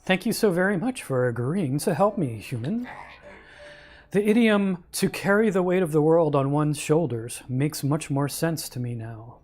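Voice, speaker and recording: A man's voice: on the high side, moderate pace, a little mellow, close to an everyday voice. A man voicing a polite, butler-like male robot who speaks with formal, apologetic courtesy. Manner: overly courteous, formal phrasing.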